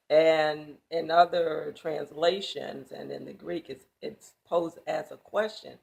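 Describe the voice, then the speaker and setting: Slow, gravelly woman Bible teacher. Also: sits low, steady tone, darkish tone. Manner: emphatic with casual asides. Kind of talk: sermon-style Bible teaching.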